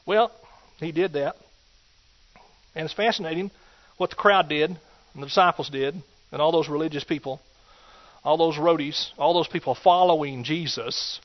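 A man preaching a sermon, swinging between loud exhortation and hushed asides. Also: a little high, normal speed, long pauses. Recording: dull lo-fi recording.

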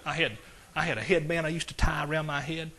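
A man's voice: on the high side, quick pace, pushed and bright, husky. A pastor from East Texas, telling his conversion story in a sermon, folksy and building to fervent exclamations. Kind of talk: sermon testimony. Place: church service.

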